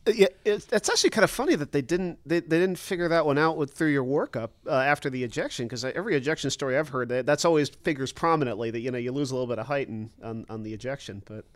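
A man's voice: medium pitch, quick pace, hardly any pauses, no room sound. A man hosting a podcast interview in a studio, hesitant with many fillers. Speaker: podcast host. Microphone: studio mic.

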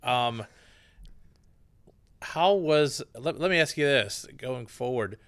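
A man's voice: medium pitch, animated, slow, a bit bright, smooth, no echo. A man hosting a podcast interview in a studio, hesitant with many fillers. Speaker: podcast host. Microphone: studio mic.

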